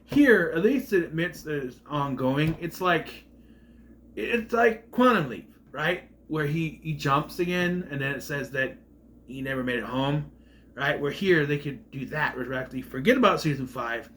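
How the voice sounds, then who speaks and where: A man's voice: on the high side, animated, normal speed, a bit bright, slight background noise. A man rambling through an opinionated casual review vlog, often trailing off mid-thought. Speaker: TV series reviewer.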